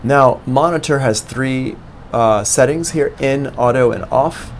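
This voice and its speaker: A man's voice: medium pitch, measured pace, slight background noise. A man giving a live-streamed music production lesson, explaining steps on screen one by one into a studio microphone. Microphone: studio microphone plugged into an interface.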